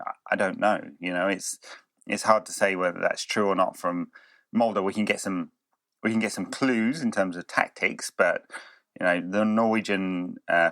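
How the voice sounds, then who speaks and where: A man's voice: deep voice, creaky, fairly bright tone, no room sound. A man co-hosting a football podcast who talks hesitantly, stammers often and laughs a lot. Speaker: podcast co-host. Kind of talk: casual football chat.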